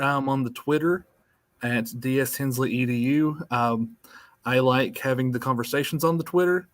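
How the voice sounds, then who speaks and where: Tennessee man, mid-pitched and dry-miked, laid-back self-mocking presenter on a video call. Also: a bit bright, dry recording. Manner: easygoing and self-mocking, with fillers. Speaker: school librarian. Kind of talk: webinar presentation.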